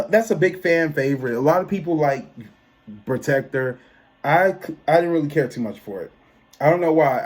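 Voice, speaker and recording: A man, giving a chatty, expressive album review that often trails off and restarts. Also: mid-range voice. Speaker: tarot reader and music reviewer. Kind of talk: casual album review monologue.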